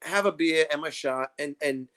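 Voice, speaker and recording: A man co-hosting a podcast, telling profane, animated stories in casual chat and acting out what people said. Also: on the high side, normal speed. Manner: profane, animated storytelling with acted-out quotes. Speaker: podcast co-host.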